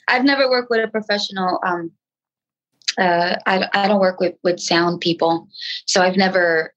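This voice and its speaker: A woman from New York, a rapper talking in a casual interview, with a nasal voice and halting speech full of restarts. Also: fairly even intonation, a bit bright, dull audio. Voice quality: nasal, sometimes high-pitched. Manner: frantic, halting speech with many restarts and fillers. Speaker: rapper guest.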